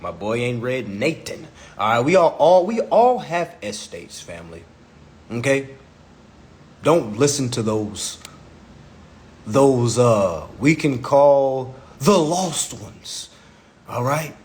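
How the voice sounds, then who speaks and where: A man's voice: mid-range voice, sing-song, slow, darkish tone. A man hosting a livestream on his phone, lecturing in a profane, mocking way and repeating himself. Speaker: livestream host. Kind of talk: casual livestream rant.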